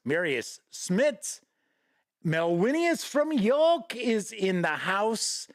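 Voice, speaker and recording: A man's voice: sits high, dry recording, clean studio sound. A man hosting a live-streamed gaming news show, chatty and folksy, greeting viewers by name and reading out news. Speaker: host.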